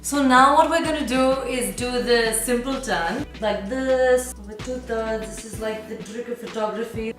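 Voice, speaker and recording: A chatty, playful woman walks through a home recipe, now and then half-singing her words. Her voice rings around a very echoey home kitchen. Clear music plays behind her. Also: fairly high pitch, normal speed, hardly any pauses. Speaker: home cook presenting a recipe. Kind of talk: casual cooking vlog chat.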